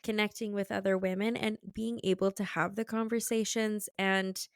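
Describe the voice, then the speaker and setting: A woman's voice: mid-range voice, level tone, moderate pace, smooth, no room sound, studio quality. A young woman hosting a podcast interview, talking candidly and chattily, full of "like" fillers and easy laughs. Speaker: podcast host. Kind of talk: casual conversational interview.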